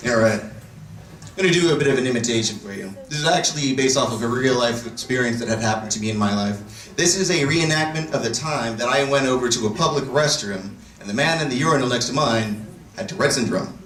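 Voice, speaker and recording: A man performing a stand-up set, telling stories deadpan and breaking into loud shouted impressions. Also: mid-range voice, brisk. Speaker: stand-up comedian. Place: comedy club stage. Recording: roomy club sound from far mic. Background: laughing audience.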